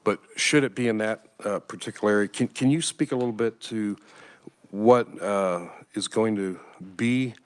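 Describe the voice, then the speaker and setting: Midwest American man senator, deep, polite, meandering questioner. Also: moderate pace, clear, resonant tone. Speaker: state senator. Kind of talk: committee questioning. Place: legislative hearing room.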